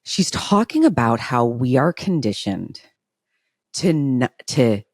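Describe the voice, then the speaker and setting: A woman's voice: rumbling low, big pitch swings, slow pace, a little mellow, no echo, studio quality. A woman co-hosting a podcast, a supportive listener who speeds up when she makes a point. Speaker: podcast co-host. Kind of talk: casual chat.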